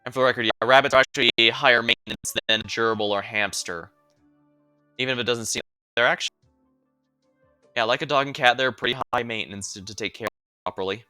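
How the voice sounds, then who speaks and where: Bright-voiced male streamer, chatty asides. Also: mid-range voice, fast talker, pauses often, clear, resonant tone, no room sound, soft background music. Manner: chatty, explains with asides and restarts. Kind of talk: casual commentary between game story readings.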